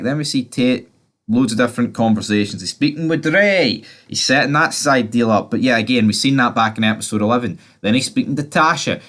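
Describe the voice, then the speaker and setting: A man's voice: mid-range voice, lively intonation, fairly quick, a bit bright. Chatty man recapping TV. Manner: chatty, swearing, filler-heavy storytelling. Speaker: TV series reviewer. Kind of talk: casual episode recap and review.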